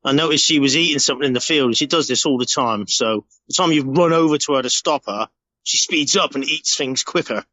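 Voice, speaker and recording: A man's voice: medium pitch, brisk, pushed and bright, dry recording, lo-fi sound. A middle-aged man from the UK telling a rambling, emotional story in a casual recorded message, swearing freely. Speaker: podcast segment contributor.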